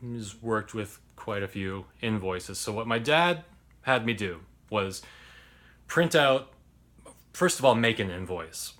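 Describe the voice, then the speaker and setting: Bright-toned man telling a story. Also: on the low side, expressive, takes it slowly. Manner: candid, rambling, swears freely. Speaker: podcast host. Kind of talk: casual personal storytelling.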